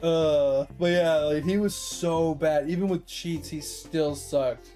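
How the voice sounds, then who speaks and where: A man's voice: fairly high pitch, steady tone, slow pace, mellow, faint music behind. A man streaming games, telling a long rambling story from his childhood with lots of swearing and laughter. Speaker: gaming streamer. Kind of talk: casual storytelling on a game stream.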